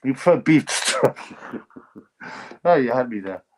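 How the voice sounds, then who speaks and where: A man's voice: medium pitch, expressive, moderate pace, poor audio. A man hosting a casual livestream, reading chat comments and giving blunt, rambling opinions. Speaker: livestream host.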